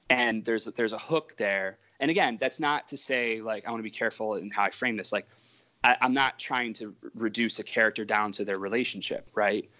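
A man's voice: lowish voice, sharp tone. A comic book writer, a man, telling stories in a casual interview and rambling and interrupting himself as he talks.

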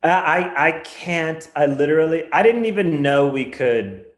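A man's voice: fairly high pitch, expressive, a little slow. A man guesting on a podcast, telling stories in a wry, rambling way with lots of restarts. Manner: rambling, self-correcting, wry storytelling. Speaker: guest comedian. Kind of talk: casual podcast chat. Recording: roomy echo.

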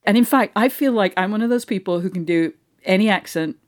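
A woman's voice: medium pitch, a little fast. A woman with an English accent, co-hosting a podcast in casual, chatty conversation. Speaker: podcast co-host.

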